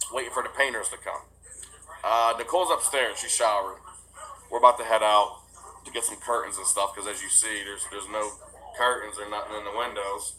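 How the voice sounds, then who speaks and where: A young man talking casually to the camera in a rambling, animated way, acting out the other people in his story. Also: medium pitch, a little hiss or hum, poor audio. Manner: rambling, animated retelling with quoted dialogue. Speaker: vlogger. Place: new house with no furniture yet.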